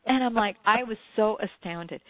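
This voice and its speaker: A woman co-hosting a talk show, telling an anecdote in a lively way and acting out what people said. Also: mid-range voice, dry recording. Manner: animated storyteller, acts out quotes. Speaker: podcast co-host, former radio interviewer. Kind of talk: casual chat, anecdote. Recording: dry, tinny phone-like sound.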